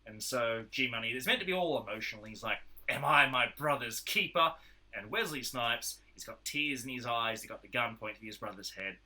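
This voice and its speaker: A man's voice: medium pitch, lively intonation, a little fast, hardly any pauses, sharp tone. An Australian man co-hosting a podcast, animatedly retelling a film's plot in casual chat and acting out the characters' lines. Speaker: podcast co-host. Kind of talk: casual film review chat.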